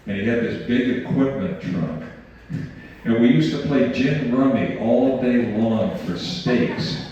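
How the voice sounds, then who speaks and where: A man's voice: fairly low pitch, darkish tone. An older man giving a folksy, digressive talk about his career in journalism to a community audience. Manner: folksy storytelling, digressive asides. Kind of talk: conversational lecture with anecdotes. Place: community meeting room. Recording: distant roomy mic in a reverberant hall, muffled.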